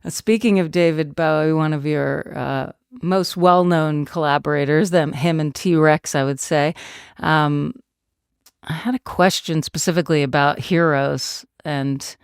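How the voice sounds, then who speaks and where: A woman's voice: low-pitched, steady tone, a little slow, gravelly, clean tone, dry recording, studio quality. A woman in her fifties hosts a podcast interview, speaking with enthusiasm, laughing easily and using many fillers. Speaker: podcast host.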